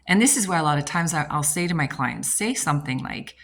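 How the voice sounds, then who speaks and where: A woman's voice: deep voice, lively intonation, brisk, hardly any pauses, a bit bright. A woman coaching her audience on manifestation, emphatic and blunt, swearing casually and asking rhetorical questions. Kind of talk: motivational talk to camera.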